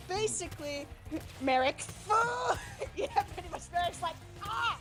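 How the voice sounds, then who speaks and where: A woman streamer chatting casually and swearing a lot as she excitedly recaps a story. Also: extremely high pitch, takes it slowly. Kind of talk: casual livestream chat. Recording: game music behind voice.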